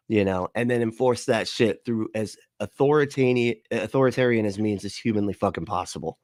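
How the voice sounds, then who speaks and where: A man's voice: lowish voice, fairly quick, darkish tone, no echo, clean studio sound. Sarcastic, profane man hosting a livestream. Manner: profane, sarcastic, laughs often. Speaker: livestream host. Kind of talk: casual reaction commentary.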